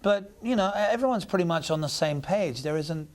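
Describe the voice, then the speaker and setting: English actor, thoughtful and halting. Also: male voice, sits high, animated. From England. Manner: thoughtful, searching for words. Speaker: actor guest. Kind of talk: reflective interview answers.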